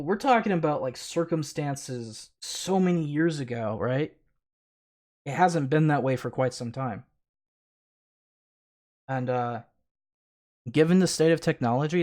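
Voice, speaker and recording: A man talking on his own live stream in a middle-pitched voice, reacting to a clip. He mocks and jeers at the person he is responding to, swearing freely in an offhand, sarcastic way. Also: moderate pace, pauses often, darkish tone. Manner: mocking, sarcastic, profane. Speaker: streamer host. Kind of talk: casual live-stream commentary.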